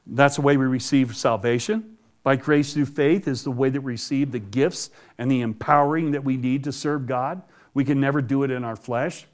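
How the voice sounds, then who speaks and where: A man's voice: mid-range voice, darkish tone. A man preaching a Bible-teaching sermon in a conversational way, often repeating words.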